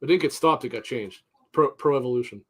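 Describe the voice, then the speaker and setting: A man's voice: mid-range voice, fairly quick. A man, co-hosting a casual podcast, who talks bluntly, swears freely and stumbles over repeated words when worked up. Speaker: podcast co-host. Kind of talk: casual chat.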